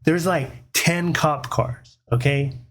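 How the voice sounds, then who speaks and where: A young man casually telling a wild story from his past, animated and swearing freely. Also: fairly high pitch, takes it slowly.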